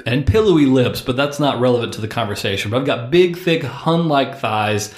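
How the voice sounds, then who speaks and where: Playful, animated man on a podcast. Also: mid-range voice, fairly quick. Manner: playful, rambling, jokey. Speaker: podcast co-host. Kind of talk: casual podcast chat. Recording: roomy echo.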